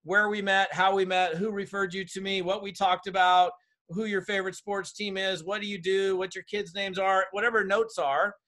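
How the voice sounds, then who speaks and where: A man with a voice that sits a bit high runs a group coaching session over a video call. He is energetic and direct and talks straight to his listeners. He speaks as a network marketing trainer. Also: normal speed.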